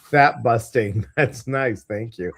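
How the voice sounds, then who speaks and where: A man's voice: medium pitch, slow, a bit bright. A middle-aged man hosting a live stream, chatting casually and jokingly and greeting viewers by name. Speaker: host.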